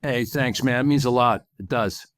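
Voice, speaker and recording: A man's voice: medium pitch, no echo. Earnest middle-aged man, dry sound. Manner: earnest, lists examples, quick laughs. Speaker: author and guest. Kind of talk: interview conversation.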